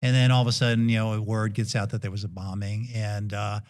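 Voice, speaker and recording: A middle-aged man with a Brooklyn accent, a podcast guest telling a story in a relaxed, gentle way with many hesitations. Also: fairly low pitch, fast, smooth. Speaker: guest dentist and endurance athlete.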